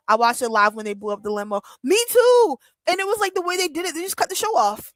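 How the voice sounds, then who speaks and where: A young woman chatting casually as host of a wrestling watch-along, excitable and full of fillers and laughs. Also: high-pitched, fast talker, hardly any pauses, dry recording. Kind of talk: casual chat.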